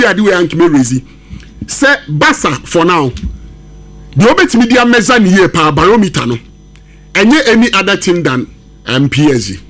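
A man with a Ghanaian accent arguing about football as a radio pundit, emphatic and excited, mixing English and Twi. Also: high voice. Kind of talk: radio sports discussion.

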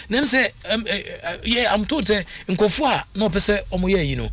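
A man with a Ghanaian accent presenting football talk on radio, animated, switching between languages. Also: high-pitched, normal speed, hardly any pauses. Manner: animated, mixing languages, frequent laughs. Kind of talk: radio sports commentary.

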